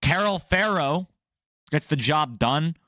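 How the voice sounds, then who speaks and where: A young man with a fairly high voice rants bluntly about fight news, swearing freely and speaking in a casual, opinionated way. He is recorded close and dry, with no room sound around him. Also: slow pace, dry recording. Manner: blunt, profane, animated ranting. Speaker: MMA news host.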